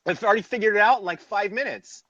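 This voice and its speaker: A man's voice: high voice, fast talker, no room sound. A man co-hosting a casual talk show, telling a story animatedly, swearing and laughing as he goes. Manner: profane, animated, laughs through his story. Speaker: podcast co-host. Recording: dry, dull lo-fi audio.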